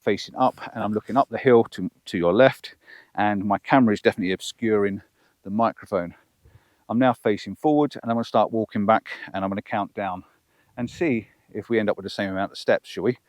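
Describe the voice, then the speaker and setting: A man's voice: on the low side, brisk. A man talking to the camera through a clip-on wireless mic while he walks a hillside field. His manner is chatty and self-mocking, and he sounds a little out of breath. The sound is dry, with no room echo. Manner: chatty, self-deprecating, counting aloud. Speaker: vlogger. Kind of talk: outdoor microphone range test vlog. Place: open hillside field with sheep, outdoors. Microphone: wireless lapel mic clipped on, far from camera.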